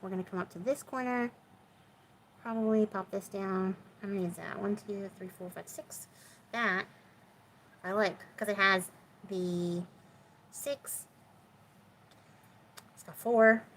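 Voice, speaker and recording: A woman's voice: mid-range voice, measured pace, long pauses, a bit bright, a little hiss or hum, rough recording. A woman hosting a crafting video, chatting casually and with self-deprecating humor as she works in her home craft room. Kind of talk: casual crafting chat while working.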